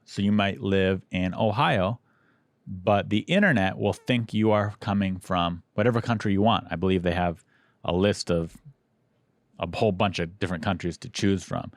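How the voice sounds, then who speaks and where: Low-voiced male podcast host. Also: dry recording. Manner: teasing, quick banter. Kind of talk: casual chat and ad read.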